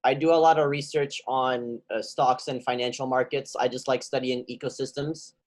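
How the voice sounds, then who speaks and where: A man from a live class explaining his view casually, with lots of ums and pauses. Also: mid-range voice, steady tone, rough recording. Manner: hesitant, lots of fillers. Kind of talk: casual talk.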